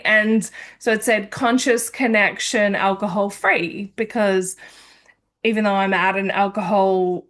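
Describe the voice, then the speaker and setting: A woman's voice: mid-range voice, fairly bright tone. A woman hosting a podcast, telling a personal story in a candid, meandering way. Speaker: podcast host.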